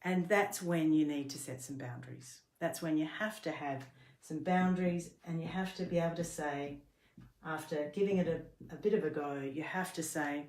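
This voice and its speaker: A woman's voice: low-pitched, moderate pace, a little mellow. A middle-aged woman, a workplace trainer, giving an earnest instructional talk and explaining things step by step, sometimes restarting her sentences. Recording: roomy echo.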